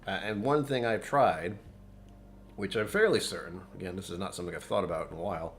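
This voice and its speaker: Low-voiced man rambling on a whiskey stream. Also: a little fast, gravelly, slight background noise. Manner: rambling, self-deprecating, laughs often. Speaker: whiskey channel host. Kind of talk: casual live-stream chat. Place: home.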